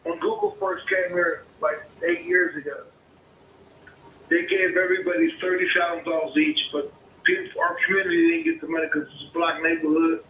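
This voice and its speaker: This caller is a homeowner who keeps swearing and circling back to the same arguments as he fights over the phone. He speaks briskly in a slightly high, level voice that sounds pushed and bright, and the line is echoey with faint noise.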